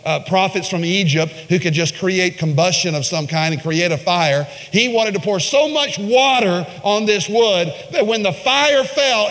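A male pastor preaching a sermon, retelling a story with dramatic pitch swings and voiced quotes. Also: fairly bright tone. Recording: long reverb of a large hall.

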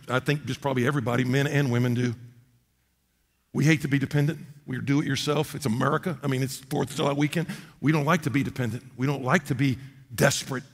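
A man preaching a sermon as a pastor, impassioned and swinging from loud to hushed. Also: medium pitch, vocal fry, long reverb tail.

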